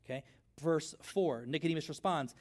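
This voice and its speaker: A middle-aged man preaching a sermon in a church, conversational and animated, with storytelling asides. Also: a little high, moderate pace. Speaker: pastor.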